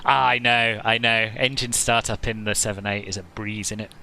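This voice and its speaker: A man's voice: on the low side, fairly even intonation, moderate pace, pushed and bright, slight background noise, low-quality recording. A man chatting casually as he streams a flight simulator session, joking with viewers and often laughing at himself. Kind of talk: casual live-stream commentary.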